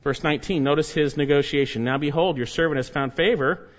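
A man delivers a sermon in a fairly high voice. He is emphatic, swinging between loud urging and low, hushed warnings. The recording sounds dull and lo-fi. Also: brisk. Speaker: pastor.

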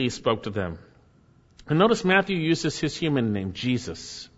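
Man preaching, repeats phrases, loud peaks then quiet lines, long hall echo, muffled sound. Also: mid-range voice, lively intonation, normal speed, pauses often. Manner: repeats key phrases for emphasis. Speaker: pastor. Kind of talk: sermon.

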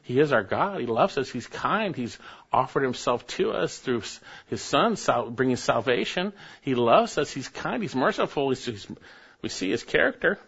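A male pastor delivers a sermon at a middle pitch, swinging from quiet, measured scripture reading to sharp, forceful peaks of emphasis. The recording is a little dull and muffled. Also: sing-song, gravelly, husky.

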